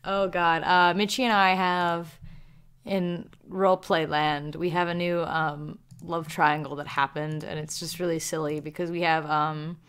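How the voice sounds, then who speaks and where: A woman's voice: fairly low pitch, flat delivery, unhurried, fairly bright tone, clear, resonant tone. A woman with a Southern American accent casually answering viewer questions in a rambling, chatty way, laughing between thoughts. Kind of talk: casual Q&A chat.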